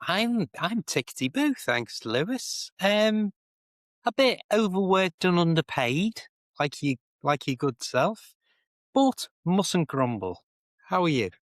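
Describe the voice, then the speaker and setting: A man's voice: sits high, very animated, slow pace, dry recording, studio quality. A British man chatting casually as co-host, humorous, telling small anecdotes. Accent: British English. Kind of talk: casual chat.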